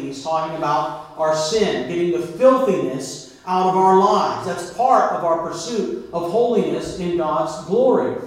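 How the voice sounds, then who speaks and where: Male pastor, higher voice, preaching and quizzing the congregation; distant mic in a booming hall. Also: measured pace, hardly any pauses. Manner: preaching with call-and-response questions to the congregation. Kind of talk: sermon. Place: church sanctuary. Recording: very echoey church from far off.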